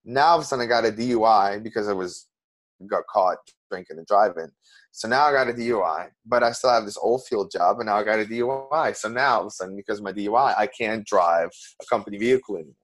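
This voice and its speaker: A man, an interview guest, telling a personal story in an earnest, emotional way with many restarts. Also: medium pitch.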